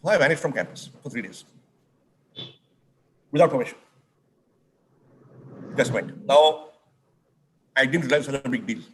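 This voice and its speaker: A middle-aged man with an Indian accent recounts student-day stories on stage, his speech lively and full of Hindi asides. His voice sits in a middle pitch. A faint hiss runs behind him. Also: brisk. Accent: Indian English. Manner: animated anecdotes mixing in Hindi phrases. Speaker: speaker at a summit. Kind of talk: storytelling in an onstage conversation.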